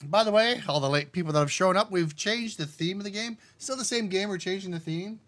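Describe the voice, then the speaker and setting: A man streaming live as a game developer, relaxed and thinking aloud as he talks himself through settings step by step and turns now and then to answer his chat. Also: high voice, a little fast. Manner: addresses the chat directly.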